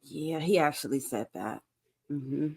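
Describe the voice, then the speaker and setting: A woman co-hosting a casual chat, blunt and quick to agree, with a lot of murmured "mm-hmm"s. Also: creaky, slightly rough. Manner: blunt, frequent agreeing murmurs, lively pitch. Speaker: podcast co-host.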